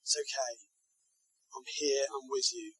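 A man preaching a sermon voicing a gentle, comforting male divine figure in a soft, hushed tone. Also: a little high, takes it slowly, dry recording, exaggerated voice, low-quality recording. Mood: soothing.

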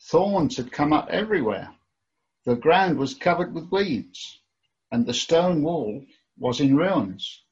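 A man reading scripture in a careful, deliberate way. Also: a little high, animated, slightly rough. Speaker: scripture reader. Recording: dull lo-fi recording.

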